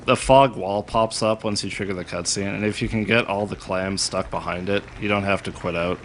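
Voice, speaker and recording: A man's voice: fairly low pitch, steady tone, brisk, fairly bright tone, slight background noise. A man commentating his own live speedrun, self-deprecating and laughing often.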